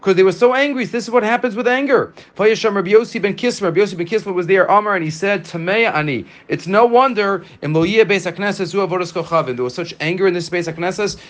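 Man giving a lively Talmud class. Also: sits high, fast talker, hardly any pauses. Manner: reads Aramaic lines then explains them in English, with many restarts. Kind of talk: casual Talmud lesson.

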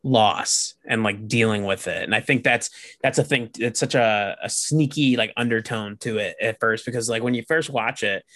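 Young man, bright tense voice, dry close sound, animated casual chat. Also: fairly low pitch, moderate pace, few pauses, no echo. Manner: animated storyteller, lots of "like". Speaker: podcast guest.

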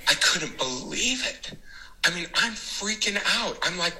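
A man, a church leader, telling an anecdote in a devotional talk, dramatic and animated, acting out the quotes. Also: high voice, normal speed, low-quality recording.

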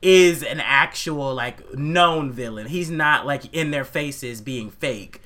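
A man co-hosting an anime podcast, ranting in a casual, profane, animated way and acting out quotes. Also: mid-range voice, slow. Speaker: podcast co-host. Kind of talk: casual chat, anime review.

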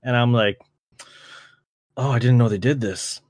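A young man from Canada hosting a podcast, telling stories in a casual chat, swearing often and acting out quotes in a higher voice. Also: unhurried, darkish tone, no echo, studio quality. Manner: laid-back, swears a lot, acts out quotes with a jump in pitch. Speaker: podcast host.

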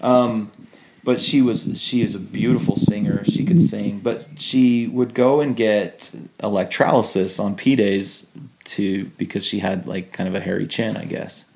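A man guesting on a podcast, telling lively stories in an animated way, laughing often and restarting his sentences. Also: fairly low pitch, measured pace, vocal fry, slight background noise. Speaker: podcast guest, former missionary. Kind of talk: casual storytelling interview.

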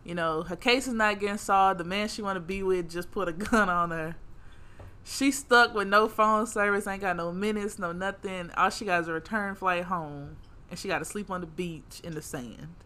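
A young woman hosts a podcast, talking through a TV episode in blunt, profane, casual chat. She laughs often between points. Her voice is bright and forceful, at a middle pitch. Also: normal speed, slight background noise. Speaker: podcast host. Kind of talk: casual chat recapping a TV show.

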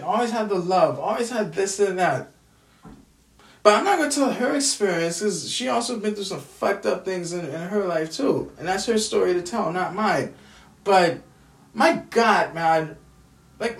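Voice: medium pitch, lively intonation, normal speed. An upset, exhausted adult venting at home in a bitter, profane, repetitive solo rant. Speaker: aspiring screenwriter venting. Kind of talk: emotional solo rant to camera. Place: at home indoors. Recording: roomy echo, distant from mic.

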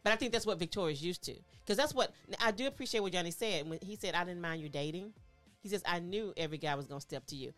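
A podcast co-host in casual chat who goes over the episode and acts out what others said in animated bursts. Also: mid-range voice, quick pace, soft background music. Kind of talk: casual chat recapping reality TV.

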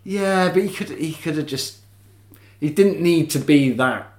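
A man's voice: fairly high pitch, unhurried. A man co-hosting a podcast, chatting casually and jokily about a horror film. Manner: animated, jokey, swearing and laughing. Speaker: podcast co-host. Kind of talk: casual film-discussion chat. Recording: echoey room.

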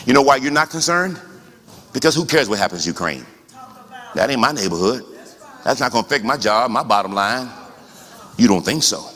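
A man preaching a sermon as pastor, talking conversationally with rhetorical questions and rising to shouts. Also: medium pitch, lively intonation, brisk, pauses often, big-room sound.

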